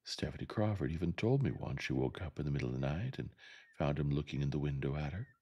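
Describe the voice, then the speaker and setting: A sharp-tongued older Southern neighbor woman, given voice by a man in a gentle storybook reading. She speaks in a dry, firm, plain-spoken way. The voice under her is very deep and husky, with lively swings in pitch. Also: fast talker, exaggerated voice.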